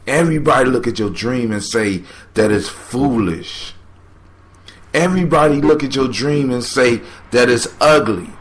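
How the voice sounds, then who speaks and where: A man talks to his podcast listeners like a preacher, repeating key lines for emphasis as he draws a lesson from a folk tale. His voice sits at an ordinary pitch for a man, and he swings between urgent and quiet. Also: measured pace. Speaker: podcast host. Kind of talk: motivational podcast commentary.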